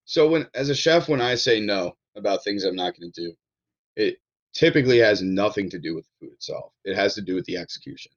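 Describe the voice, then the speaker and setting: A man's voice: on the low side, expressive, a little fast. Chef guy w a baltimore accent, candid and rambly, kinda muffled recording. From Baltimore area, USA. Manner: candid, rambling, swears casually. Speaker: chef, podcast guest. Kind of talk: casual podcast chat.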